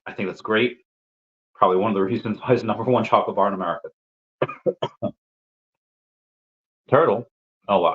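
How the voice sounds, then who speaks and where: A man with a fairly low voice chats loosely on a live stream, tripping over repeated words and breaking into laughter. He coughs now and then as he gets over an illness. The audio is muffled and lo-fi. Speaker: livestream host answering chat. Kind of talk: casual live chat.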